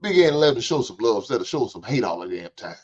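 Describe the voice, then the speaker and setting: A man's voice: mid-range voice, sing-song, rapid-fire. A middle-aged man, hosting a livestream in casual, joking storytelling chat and swearing freely. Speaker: livestream host. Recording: dull lo-fi stream audio.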